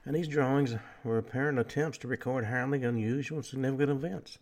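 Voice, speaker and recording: A man hosting a talk radio show, delivering a lecturing monologue with frequent pauses and fillers. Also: mid-range voice, darkish tone.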